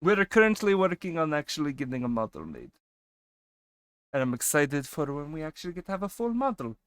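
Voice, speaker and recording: A man's voice: on the high side, sing-song, fairly quick, clear, resonant tone, no echo. A man streaming and chatting casually in a put-on character voice, laughing often and swearing freely. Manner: talks in a put-on character voice he uses for his persona. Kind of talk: casual live-stream chat.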